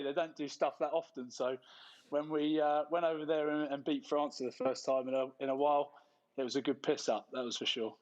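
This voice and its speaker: A man's voice: mid-range voice, muffled recording. A man from England, a guest at a live fan night, telling laddish stories with a laugh and the odd swear. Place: clubhouse before a live audience.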